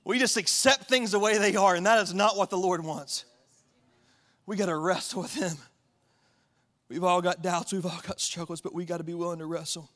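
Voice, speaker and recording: High, bright-voiced young male preacher. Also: fairly even intonation, normal speed. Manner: builds from quiet earnest to loud impassioned preaching. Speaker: pastor. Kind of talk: sermon.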